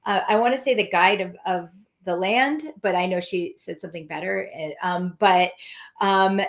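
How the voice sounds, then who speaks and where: A woman hosting a casual panel chat on a video call, emotional and halting, with many fillers and restarts. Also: fairly low pitch.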